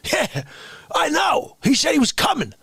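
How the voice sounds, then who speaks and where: An indignant loudmouth , as a man puts him on, hurls outraged questions in a high, swooping shout. Then he drops into hissed whispers. His voice is gravelly and husky, and it sounds dry and close. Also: wildly swooping pitch, unhurried, no room sound, heavily acted. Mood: ranting. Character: indignant loudmouth man scolding chat viewers. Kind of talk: improvised comic rant.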